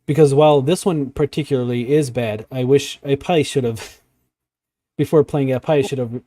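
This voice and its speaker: A man's voice: mid-range voice, steady tone, fairly quick, mellow, dry recording, clean studio sound. A man hosting a casual chat, reacting to a video, rambling with many fillers and restarts. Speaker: podcast host.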